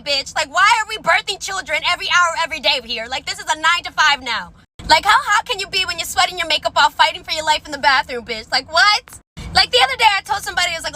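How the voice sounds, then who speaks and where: Young woman, brash storyteller, high and bright, quick delivery, phone-recorded. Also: expressive, no echo. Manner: brash, sassy, swears often, acts out both sides of the story. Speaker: TikTok storyteller. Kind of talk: casual storytime monologue.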